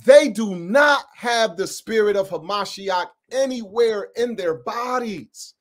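A man's voice: sits high, slow pace. A man from upstate New York teaching the Bible in an informal, emphatic preaching style, full of slang and asides to his listeners.

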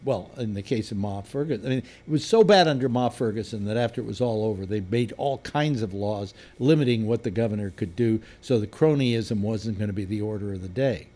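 A man hosting a casual panel chat, telling stories in a relaxed, rambling way with frequent restarts. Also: fairly low pitch, brisk, hardly any pauses. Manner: chatty, storytelling, trailing restarts. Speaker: host.

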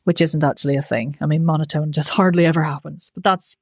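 A woman, a voice coach answering interview questions in a clear, methodical, upbeat way. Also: low-pitched, steady tone, fast talker, no room sound, clean studio sound. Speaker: voice coach, podcast guest.

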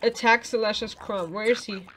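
A woman's voice: fairly high pitch, steady tone, normal speed, fairly bright tone, faint music behind. A woman casually commenting on a video game she is playing, chatting to the characters and making playful sound effects. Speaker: let's play gamer.

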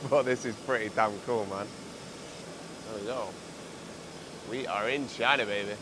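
Young man vlogging over loud street noise. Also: lowish voice, a little slow. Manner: excited, chatty, peppered with "like". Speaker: vlogger and online seller. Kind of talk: casual travel vlog talk to camera. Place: on a street and in a factory.

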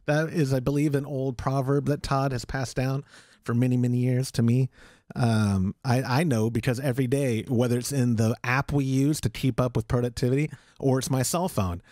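A man's voice: mid-range voice, fairly even intonation, moderate pace, a little mellow, no echo, studio quality. A man co-hosting a casual podcast, joking and teasing with frequent laughs. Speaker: podcast co-host.

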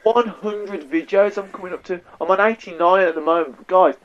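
Commentating live on a shooter over his headset, this young English-accented YouTuber sounds high-pitched and fairly quick, with the highs cut off. He stays chatty and self-deprecating, speaking to his audience as "guys."

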